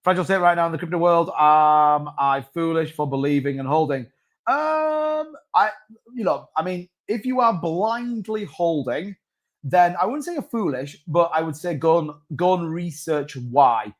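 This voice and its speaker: A man's voice: on the high side, animated, normal speed. Rambling man hosting a stream. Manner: rambling, reads out viewer comments. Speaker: crypto live stream host. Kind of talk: casual live stream chat.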